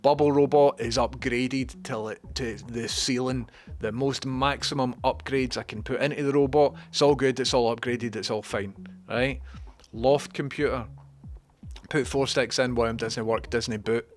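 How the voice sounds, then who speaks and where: A man's voice: medium pitch, fairly even intonation, moderate pace. A man, talking casually on his own livestream, sarcastic, swearing and wandering off on tangents. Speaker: livestream host. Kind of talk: rambling livestream chat.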